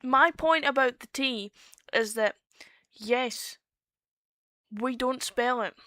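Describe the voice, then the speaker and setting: Woman, Scottish accent, casual call chat, explains with restarts and fillers, somewhat high voice. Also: takes it slowly, pushed and bright, no room sound, clean studio sound. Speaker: streamer.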